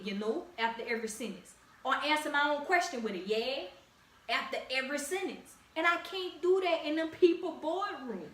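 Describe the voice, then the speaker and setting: A woman's voice: sits high, bright, forceful tone. A young woman with a Louisiana accent, hosting a podcast in a direct, encouraging, casual way with slang. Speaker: podcast host. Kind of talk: casual solo podcast talk. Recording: echoey room, distant mic, faint ambient noise.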